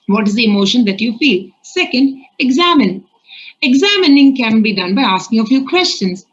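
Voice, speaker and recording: A woman's voice: a little high, big pitch swings, normal speed, highs cut off. A woman with an Indian accent preaching a sermon in an earnest way, asking many rhetorical questions.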